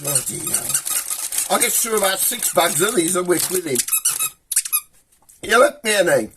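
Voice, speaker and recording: A man's voice: sits high, expressive, moderate pace, background noise. A man with a Black Country accent hosting a comic show, telling a long joke in a rambling, chatty way. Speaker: host.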